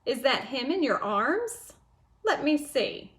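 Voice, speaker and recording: Sprinkles is an excitable little skunk who loves having guests, and she talks like a welcoming hostess, as a woman reading a children's book aloud puts her on. Her voice sits a touch high and comes out slow and unhurried. She sounds keen to please. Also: exaggerated voice. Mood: curious. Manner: eager, warm hostess, excitable. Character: friendly chatty female skunk.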